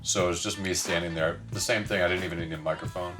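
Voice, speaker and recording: Deep male comic, fast deadpan anecdote, distant, music up. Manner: dry, self-deprecating storytelling.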